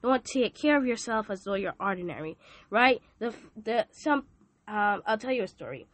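A woman's voice: mid-range voice, lively intonation, normal speed, fairly bright tone. A woman hosting a podcast, giving an emphatic, preachy devotional talk with joking asides. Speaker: podcast host.

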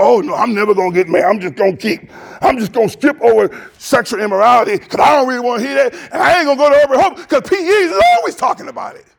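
A man voicing a grown man who makes quick, offhand excuses to skip church, as an example in his sermon. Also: extremely high pitch, vocal fry, fairly bright tone, exaggerated voice.

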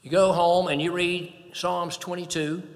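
A man's voice: high-pitched, little pitch movement, measured pace, long reverb tail. A man preaching a sermon, emphatic, swelling and dropping in volume.

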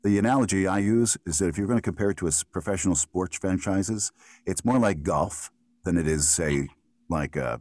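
A middle-aged American voiceover artist with a deep, fairly quick, slightly mellow voice chats easily in a relaxed conversational interview. His answers are thoughtful and rambling, full of restarts and fillers, with no room sound.

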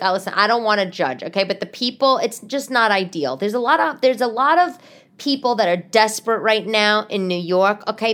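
A woman comedian hosts a casual podcast from her living room, her voice sitting at an ordinary middle pitch. She rambles through stories with many restarts, frequent swearing and lively asides, all in a loose conversational monologue.

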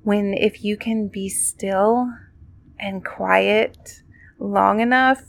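A woman hosts a podcast with a casual devotional talk. She speaks at an unhurried pace, with a gravelly fry in her voice, and keeps circling back with fillers as she reflects. The sound is dry and close, with no room around it. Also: mid-range voice, steady tone, no echo. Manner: conversational and reflective, many fillers like "like" and "um". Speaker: podcast host.

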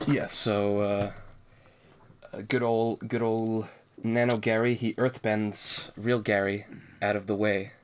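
A man's voice: fairly low pitch, flat delivery, slow, slight background noise. A man co-hosting a casual podcast, recapping a comic in a laid-back, rambling way full of fillers and laughs. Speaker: podcast co-host reading a comic. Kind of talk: casual chat.

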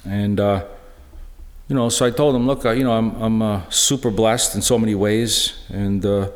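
A middle-aged man giving a personal testimony talk in a church, halting and earnest, full of restarts. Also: fairly low pitch, fairly even intonation. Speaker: lay speaker sharing a personal witness. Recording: echoey church hall.

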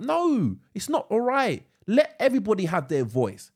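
A man's voice: sits high, moderate pace, hardly any pauses, slightly rough. A young man co-hosting a comedy podcast, chatting casually, swearing and acting out the people in his stories. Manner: animated, swearing, acts out quoted people with loud laughs. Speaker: podcast co-host. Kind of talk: casual banter.

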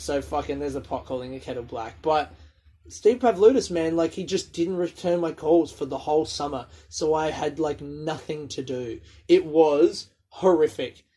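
This is a man's fairly high, mellow, husky voice as he spins rambling, profanity-laced stories by himself. He keeps cracking himself up along the way in this casual solo telling.

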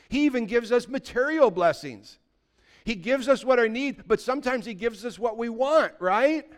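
A male pastor preaching with a smooth, resonant voice that sits a little high for a man. He drops into hushed asides, then builds to excited shouts. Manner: animated, swings from quiet asides to excited shouting. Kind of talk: sermon. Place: church sanctuary with congregation.

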